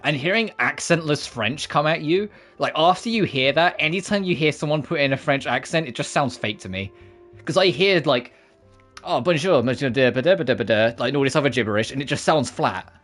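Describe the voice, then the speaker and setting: A man's voice: a little high, animated, a bit bright, faint music behind. Brief: British-born male streamer, casual, rambling, sweary. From United Kingdom. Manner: rambling, sweary and quick to laugh. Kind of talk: casual live-stream commentary.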